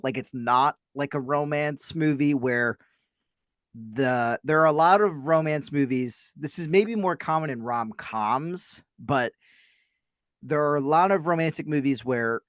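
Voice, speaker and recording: A man's voice: fairly high pitch, no room sound, studio quality. A man co-hosting a podcast, chatting casually about a film in a rambling, hedging way. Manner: rambling, hedging, self-deprecating. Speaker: podcast co-host.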